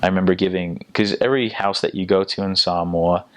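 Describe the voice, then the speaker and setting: A young American man, a returned missionary, telling a story casually in a relaxed, halting way, full of fillers and restarts. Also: sits low, dry recording. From United States.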